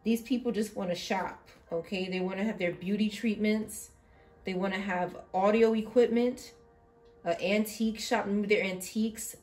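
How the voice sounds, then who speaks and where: A woman giving an intuitive tarot reading, thinking aloud, halting and repeating herself. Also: medium pitch, fairly even intonation, a little mellow, soft background music. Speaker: tarot reader.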